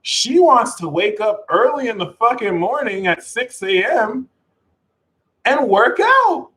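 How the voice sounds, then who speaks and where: A man giving a live astrology talk to his audience in an animated, jokey manner with plenty of swearing. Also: very high-pitched, slow pace, rough recording. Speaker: astrology reader.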